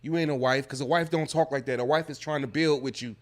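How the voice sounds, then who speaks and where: A man's voice: medium pitch, fairly even intonation, quick pace. Man ranting heatedly on a podcast. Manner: heated, profane, emphatic rant. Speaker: podcast co-host. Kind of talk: casual podcast rant.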